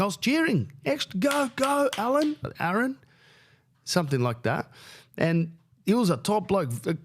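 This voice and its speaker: A man with an Australian accent hosting a podcast, telling a rambling, crude, self-mocking story, his pitch jumping up when he gets worked up. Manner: crude, self-mocking, lots of fillers and restarts. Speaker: podcast host and stand-up comedian. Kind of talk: casual rambling monologue.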